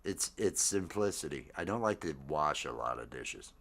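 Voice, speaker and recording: A man in his fifties hosting a casual chat, rambling with halting fillers and frequent laughs. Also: rumbling low, animated, fairly bright tone. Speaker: podcast host.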